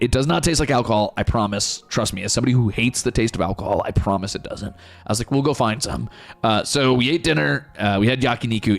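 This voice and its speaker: In a gravelly mid-range voice, a streamer casually relays a story to his chat, cursing frequently. He tells it with plenty of energy, in a profane and animated way.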